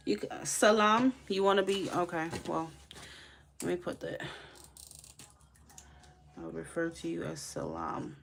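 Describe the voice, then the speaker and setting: A woman's voice: fairly low pitch, animated, unhurried, gravelly, long pauses, a little hiss or hum. A woman reading tarot on a live stream, chatting casually with viewers and laughing often. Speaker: tarot reader.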